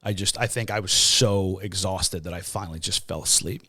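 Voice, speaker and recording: A man with a fairly low voice tells his story as an interview guest, halting and raw, often restarting his sentences. When he quotes others, his voice jumps sharply upward. The sound is dry and close, with no room echo. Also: sharp tone. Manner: voice jumps much higher when quoting others. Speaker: podcast guest, sports talk show host. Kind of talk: emotional personal testimony in an interview.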